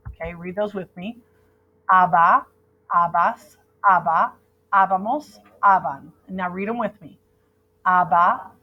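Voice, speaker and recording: A Spanish teacher, a woman, leads a classroom grammar lesson at an unhurried, steady pace, drilling verb endings call-and-repeat style in a patient, clear way. Her pitch is a plain middle range for a woman, and the recording is muffled.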